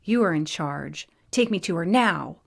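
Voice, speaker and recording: A woman's voice: on the low side, expressive, a little slow, gravelly, heavily acted. A woman voicing a proud, angry winged male spirit warrior who speaks in terse commands in a storybook reading. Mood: commanding.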